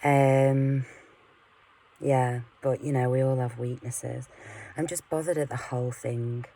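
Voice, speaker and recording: A woman in an unscripted vlog rant, swearing often and rambling with fillers as she moves between loud outbursts and muttered asides. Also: extremely low pitch, level tone, slow. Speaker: vlogger. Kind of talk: unscripted personal rant to camera.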